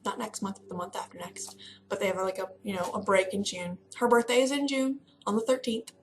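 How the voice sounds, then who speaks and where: A young woman from Kentucky chatting casually to camera in a vlog, excitable and rambling. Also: medium pitch, brisk, faint music behind. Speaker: vlogger. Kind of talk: casual chat.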